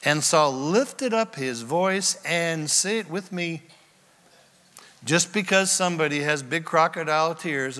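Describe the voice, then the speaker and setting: Lively preacher man, bright ringing voice. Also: fairly high pitch, measured pace, long reverb tail. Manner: lively storytelling preacher, acting out scenes. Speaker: pastor. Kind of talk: sermon.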